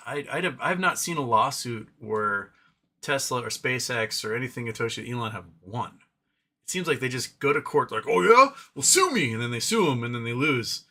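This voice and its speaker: A man's voice: mid-range voice, pushed and bright. A man hosting a casual live stream, reading chat comments aloud and rambling between them, often talking to his cat. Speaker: livestream host reading chat.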